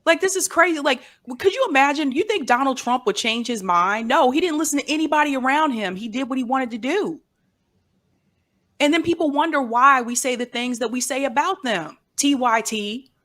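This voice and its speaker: High-voiced woman with an anchor-like delivery. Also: lively intonation, a little fast, a bit bright. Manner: clear, news-anchor-like delivery, indignant. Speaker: roundtable guest. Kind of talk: casual political chat.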